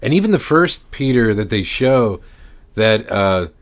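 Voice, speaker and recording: A man's voice: lowish voice, expressive, measured pace. A man co-hosting a podcast, retelling movie scenes in a loose, rambling casual way. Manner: rambling storyteller, many restarts. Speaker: podcast co-host. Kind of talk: casual chat.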